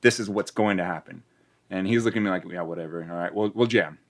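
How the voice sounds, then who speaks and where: Very deep-voiced male musician. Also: fast talker. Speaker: musician, band member guest. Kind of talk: casual interview.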